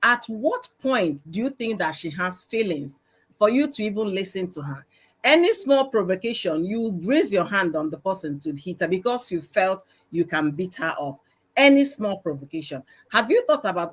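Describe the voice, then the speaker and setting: A middle-aged Nigerian woman speaks loudly and with emphasis, telling stories from her own life. Her voice sits at an ordinary pitch for a woman. She talks as one of several panelists in a live-streamed group discussion. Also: animated, moderate pace. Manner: loud, emphatic, storytelling. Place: live stream video call.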